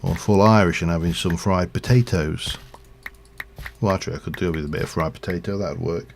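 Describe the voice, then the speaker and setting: A man's voice: low-pitched, fairly even intonation, a little fast, vocal fry, slight background noise. A middle-aged man, chatting in a rambling way while he livestreams a game. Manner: rambling, chatty, with fillers and chuckles. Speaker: live streamer. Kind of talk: casual chat while playing a game.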